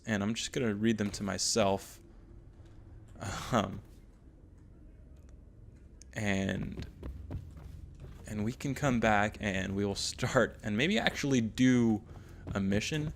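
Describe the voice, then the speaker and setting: Man, let's-play host, casual commentary, excitable, gravelly, low voice. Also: slow pace, long pauses, slight background noise. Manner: excitable, swears when surprised. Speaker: gaming video host.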